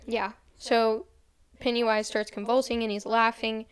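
This young woman's voice sits a little high and sounds clear and resonant, with a level tone. She's breezily retelling a horror movie to a friend, speeding through the story and voicing the characters' lines lightly.

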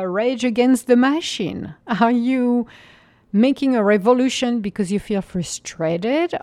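Calm gravelly woman, dry close voice. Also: fairly high pitch, no echo. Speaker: mindfulness speaker. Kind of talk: reflective spiritual monologue.

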